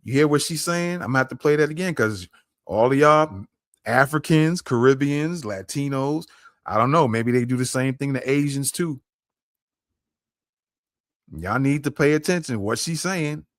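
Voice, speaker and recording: A man's voice: medium pitch, lively intonation, moderate pace, dry recording, clean studio sound. Emphatic man hosting a commentary podcast. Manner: emphatic, repeats points, addresses listeners directly. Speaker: podcast host. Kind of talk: commentary on a played clip.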